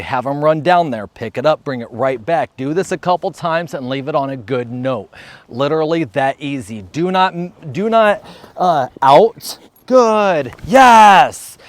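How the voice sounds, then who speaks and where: A man's voice: fairly high pitch, no echo. A man filming a casual dog-training vlog outdoors in a marsh or field, chatty and upbeat, calling out commands and praise to his dog.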